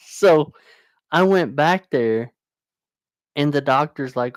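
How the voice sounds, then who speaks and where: A man talks loosely to his livestream viewers, mumbling now and then and stopping to restart his sentences. His delivery is slow and unhurried, but his pitch swings widely. The sound is dry, with no room echo. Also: expressive. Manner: rambling, laughs often, restarts sentences. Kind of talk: casual livestream chat.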